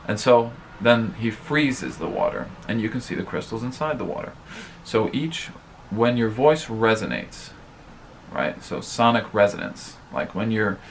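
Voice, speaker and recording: A man's voice: fairly low pitch, creaky, a bit bright, slight background noise. Rambling casual male vlogger. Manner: rambling, filler-heavy, addresses viewers directly. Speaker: vlogger host. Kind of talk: casual advice vlog.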